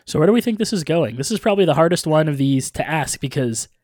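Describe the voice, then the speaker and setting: A man's voice: on the high side, animated, fast talker, darkish tone, no echo, studio quality. A man hosting a casual podcast chat, laid-back and joking as he leads the segments. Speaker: podcast host.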